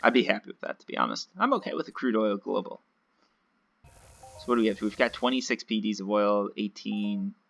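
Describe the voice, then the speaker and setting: Gravelly-voiced man chatting over gameplay. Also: fairly low pitch, expressive, a little fast, fairly bright tone, faint music behind. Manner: chatty, rambling, self-mocking. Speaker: gaming video host. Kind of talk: casual gameplay commentary.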